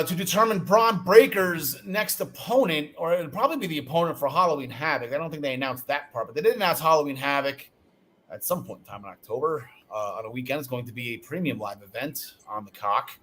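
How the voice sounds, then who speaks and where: Lively, joking podcast host, man. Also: on the high side. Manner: joking, steers the segments. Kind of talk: casual chat. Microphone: video call.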